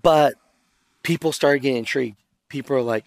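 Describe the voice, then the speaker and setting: A man on a conference panel, telling stories in a lively way, acting out other people's lines and quizzing the audience with questions. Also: mid-range voice, a little fast, gravelly, no room sound. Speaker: trucking video creator on a conference panel.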